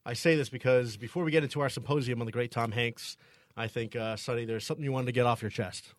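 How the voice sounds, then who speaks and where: A man's voice: mid-range voice, fairly even intonation, fast talker, dry recording. A man hosting a podcast, making dry, joking introductions and steering the chat. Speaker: podcast host. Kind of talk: casual chat. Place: podcast booth.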